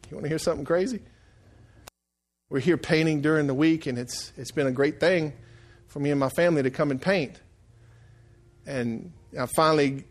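A middle-aged man preaching a sermon, telling stories that swing from quiet, hushed lines to loud shouted outbursts. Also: medium pitch. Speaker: pastor.

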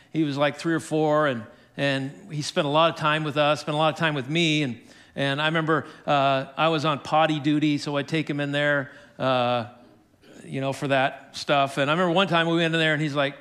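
A man's voice: on the high side, a bit bright. An older man preaching a sermon as pastor, candid and self-deprecating, often chuckling at himself.

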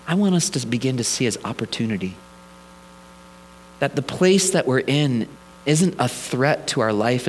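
A man preaching a sermon in a mid-range voice, telling the story casually with humorous asides. His tone is relaxed and conversational, not formal. A faint mains hum runs under the recording. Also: mid-range voice. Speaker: pastor.

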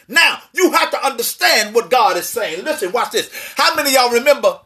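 Pastor, male, high and animated, shouts his points and calls for a response from the congregation. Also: moderate pace. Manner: preaching with shouted emphasis and call-and-response. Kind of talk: sermon.

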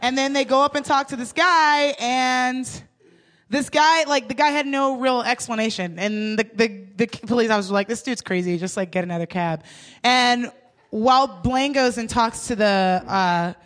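A woman co-hosts a live comedy show and tells a story with a lot of energy, jumping in and out of voices for each person in it. Her voice sits fairly high, and she swears casually as she goes. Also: normal speed. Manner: animated, acts out quoted people, swears casually. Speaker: co-host and stand-up comedian.

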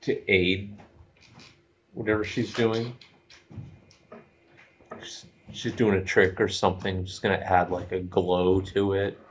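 Deep-voiced joking tabletop player. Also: male voice, little pitch movement, slow pace, long pauses. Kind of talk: casual tabletop play. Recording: dull lo-fi recording with faint noise.

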